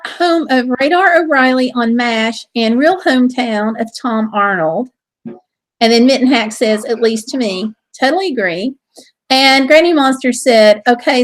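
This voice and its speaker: A woman hosting a casual live stream, chatting in a bubbly way and reading viewer comments aloud. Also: high voice. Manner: bubbly and chatty, with exclamations and laughter.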